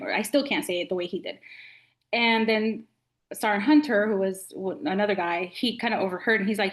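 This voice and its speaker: A woman's voice: medium pitch, moderate pace. A middle-aged woman from Nicaragua, a podcast guest telling a story in casual conversation and acting out what people said. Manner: animated storyteller acting out quotes.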